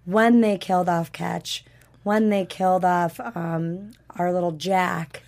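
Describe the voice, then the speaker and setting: A woman co-hosting a casual TV review chat, a little hoarse from being sick, who talks in a chatty, animated way and acts out the characters' lines. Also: lowish voice, slow. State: sick with a rough voice. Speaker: podcast co-host.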